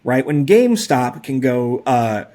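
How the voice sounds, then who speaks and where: A man's voice: medium pitch, big pitch swings, measured pace, mellow. A man in his forties co-hosting a podcast, talking through data in a casual, hedging way with lots of fillers and a wry edge. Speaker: podcast co-host. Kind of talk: casual analytical chat.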